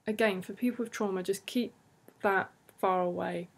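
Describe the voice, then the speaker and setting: A woman practitioner giving slow, soothing guided tapping instructions, repeating gentle phrases. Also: mid-range voice, fairly even intonation, vocal fry.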